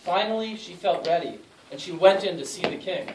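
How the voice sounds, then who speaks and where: A woman's voice: lowish voice, fairly quick, darkish tone. Woman narrating a school play, echoey. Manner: reads each line for children to repeat. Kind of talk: storytelling narration, prompting lines. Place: school room. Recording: echoey room, distant mic, faint noise.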